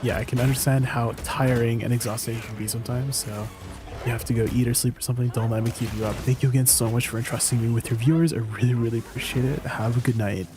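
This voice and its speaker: A man's voice: medium pitch, fairly even intonation, quick pace, over music. A man chatting casually to viewers on a live game stream, laughing often and joking around.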